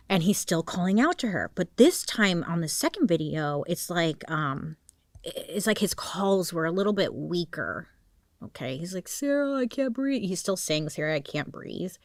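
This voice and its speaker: Chatty, low-voiced woman telling true crime. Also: no echo, clean studio sound. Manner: chatty and slangy, dropping into dramatic whispers. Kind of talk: casual true crime storytelling.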